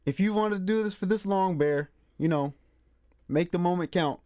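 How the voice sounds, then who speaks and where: A man hosting a casual solo movie talk, emphatic and animated, repeating his points. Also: sits high, normal speed, no echo, studio quality. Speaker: movie review host. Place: room with a squeaky chair.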